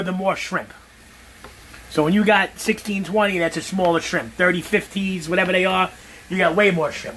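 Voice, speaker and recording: A brash, swearing middle-aged man, chatting to his viewers while he cooks at home. His voice sits high for a man. A faint hum of the kitchen hangs behind him. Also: fairly bright tone. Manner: brash, profane, talks straight to viewers. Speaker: home cook. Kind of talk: casual cooking livestream chat.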